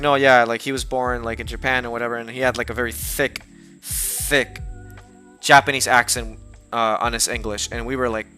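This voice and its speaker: A man from the United States tells a casual story to his stream. His voice is bright and smooth, and he rambles with plenty of fillers and false starts. Faint background music plays under him. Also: medium pitch. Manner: rambling with many fillers and restarts. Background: soft background music.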